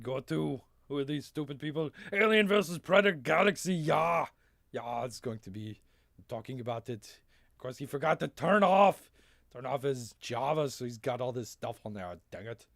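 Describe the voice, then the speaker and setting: A man's voice: mid-range voice, animated, moderate pace, gravelly, fairly bright tone, dry recording, studio quality. A man hosting a live comics review stream, talking in a sarcastic, rambling way that keeps interrupting itself. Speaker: host.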